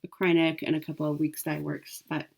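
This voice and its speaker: A woman with a deep, gravelly, darkish voice talks to camera about her cross-stitch haul and giveaways, speaking a little fast with a flat delivery. She's chatty and upbeat, with lots of ums and self-corrections.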